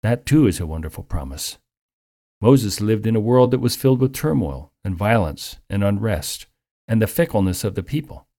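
A man preaching a sermon in an earnest, measured way, lifting his voice for emphasis. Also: on the low side, big pitch swings, warm tone.

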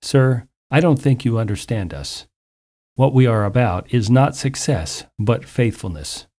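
A man reads a quietly determined farmer who answers in a quiet, firm way. The tone is warm and dark. It is spoken as a story told on a radio program. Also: medium pitch, expressive, a little slow. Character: quietly determined middle-aged farmer-minister.

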